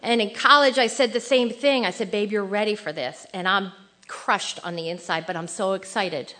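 A middle-aged woman giving an informal sermon to women, chatty and animated, acting out little quoted lines. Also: medium pitch, moderate pace. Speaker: women's ministry speaker.

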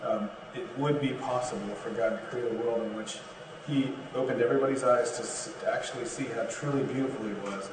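A man's voice: medium pitch, steady tone, a little fast. A man joining a group discussion, speaking casually and hesitantly with many fillers. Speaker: discussion participant. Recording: distant mic in echoey room with noise.

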